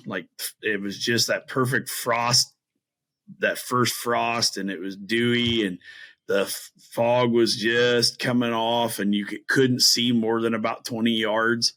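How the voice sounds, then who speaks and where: A man's voice: mid-range voice, little pitch movement, measured pace, fairly bright tone, low-quality recording. A middle-aged man, a guest on a podcast, telling a story casually and animatedly, acting out his own reactions between many fillers. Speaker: podcast guest, bowhunter and string maker.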